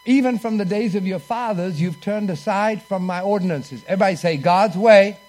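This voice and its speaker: A man's voice: high-pitched, normal speed, a little mellow. A man preaching a sermon in church, telling a personal story and leading the congregation in call-and-response.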